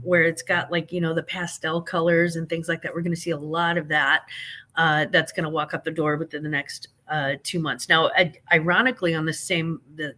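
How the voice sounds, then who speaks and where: A woman's voice: fairly low pitch, fairly bright tone. A woman, hosting a casual live chat and greeting viewers by name in a chatty, folksy way. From American Midwest. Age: 50s. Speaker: livestream host.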